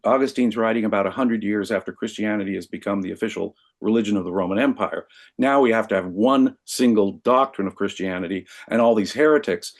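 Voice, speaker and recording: Emphatic low-voiced man talking ideas. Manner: animated, emphatic, with frequent restarts. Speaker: guest. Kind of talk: conversational discussion.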